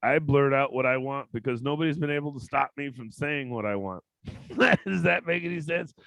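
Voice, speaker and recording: Brief: male podcast host, mid-pitched, blunt and profane, prone to loud bursts, dry close sound. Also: moderate pace, creaky, dry recording. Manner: blunt, loud outbursts, cusses a lot. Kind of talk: casual interview chat.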